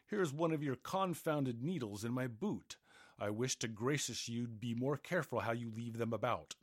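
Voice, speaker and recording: A big, lazy giant bellows at his wife, bossy and quick to blame, his voice swinging up in loud outbursts, played by a man reading the tale. The read is dry and close, with no room around it. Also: mid-range voice, no room sound, lightly acted. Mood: angry blustering. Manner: blustering, demanding.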